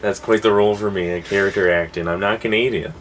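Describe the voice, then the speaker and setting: A man with a lowish voice co-hosts a casual chat. He throws in short, goofy quips and teasing banter. Faint noise runs under the recording. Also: fairly even intonation, fast talker. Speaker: co-host of a movie collection show.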